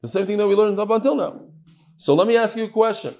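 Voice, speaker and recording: A man teaching a daily Talmud class in an animated way, quizzing his students and mixing Hebrew and Aramaic terms into his English. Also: sits high, fast talker.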